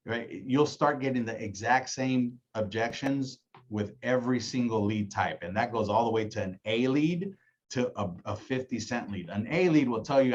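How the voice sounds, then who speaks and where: A man's voice: mid-range voice, normal speed. Coaching man, muffled lo-fi sound. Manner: coaching, acts out phone calls, repeats "right?". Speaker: insurance agency director. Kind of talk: casual training talk.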